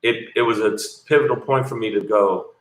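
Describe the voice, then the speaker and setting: A man's voice: on the low side, brisk, roomy sound, poor audio. A man, a comedian guest, telling stories in a casual interview, blunt and profane. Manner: blunt, profane, animated storyteller.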